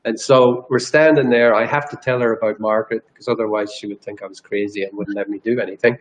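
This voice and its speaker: A man's voice: on the low side, steady tone, quick pace, low-quality recording. A man from Ireland, a guest energy healer telling a personal story in an interview, earnest and rambling, with restarts. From Northern Ireland.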